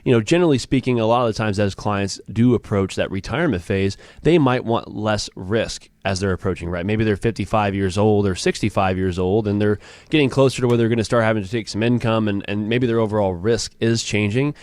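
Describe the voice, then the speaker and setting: A man's voice: fairly low pitch, a little fast, hardly any pauses, dry recording. A man working as a financial advisor, chatting casually on a radio show with plenty of fillers and restarts. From Southern California. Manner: relaxed, with frequent fillers and restarts.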